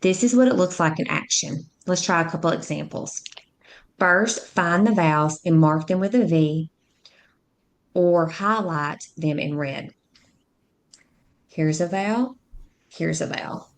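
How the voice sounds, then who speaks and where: A woman with a slightly low voice walks through a phonics lesson. She talks slowly and clearly, sounding out each syllable the way a patient reading tutor would. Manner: slow, clear, instructive, sounds out words.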